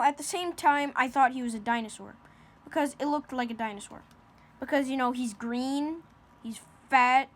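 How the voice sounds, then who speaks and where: A woman improvising a silly comic story, rambling with lots of fillers and restarts. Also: high-pitched.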